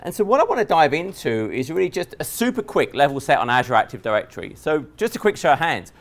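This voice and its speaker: An Englishman with an English accent giving a technical conference presentation to a live audience, joking and relaxed, with many fillers and restarts. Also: a little high, quick pace. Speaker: conference speaker.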